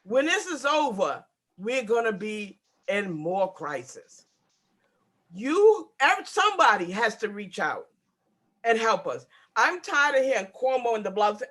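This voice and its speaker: A woman's voice: fairly high pitch, big pitch swings, unhurried, a bit bright. A woman in her sixties making an emotional public comment on a video call, upset and pleading, repeating herself. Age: 60s. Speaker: public housing resident speaking at a community board meeting.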